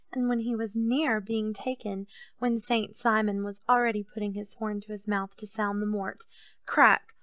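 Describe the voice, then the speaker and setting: A woman's voice: fairly high pitch, a bit bright, no room sound. A woman reading an audiobook, voicing a grown king who complains and grows indignant, his voice raised above her narration. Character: petulant, self-pitying king, grown man.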